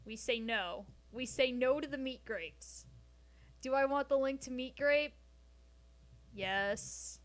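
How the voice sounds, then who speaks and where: A woman with a somewhat high voice chats on a live stream from her floor at home. She talks loosely and profanely, drifting off topic and cracking jokes between bits of science. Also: slow. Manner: profane, rambling, jokey. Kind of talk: casual live-stream chat.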